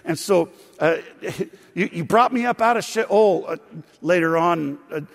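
A man's voice: high-pitched, measured pace, vocal fry. A man preaching a sermon as pastor, reading scripture expressively with frequent fillers. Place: church sanctuary. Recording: long reverb of a large hall.

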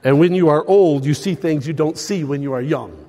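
An older man preaching a sermon, telling stories with lively swings between loud and hushed delivery. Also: fairly high pitch, normal speed, long reverb tail.

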